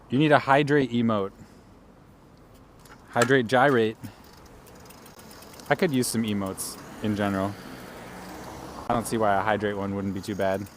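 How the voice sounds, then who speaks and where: A man's voice: on the low side, a little hiss or hum. Chatty man live-streaming from his bike. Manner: chatty, talks to viewers while riding. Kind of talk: casual live-stream chat while cycling. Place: outdoors on city streets.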